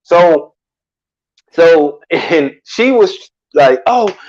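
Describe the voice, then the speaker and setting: Man, high voice, casual storytelling, slangy, animated, muffled lo-fi podcast audio. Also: a little slow. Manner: animated, acts out quoted lines loudly, salty slang.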